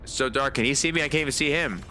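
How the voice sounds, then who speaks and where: A man's voice: medium pitch, racing, sharp tone, soft background music. A man giving chatty live commentary on a horror game, swearing often and talking to his viewers. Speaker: game streamer.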